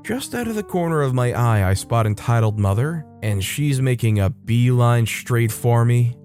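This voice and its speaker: A man's voice: mid-range voice, lively intonation, normal speed, a little mellow, faint music behind. A man narrating Reddit stories aloud with wry, conversational asides. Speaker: storytime narrator.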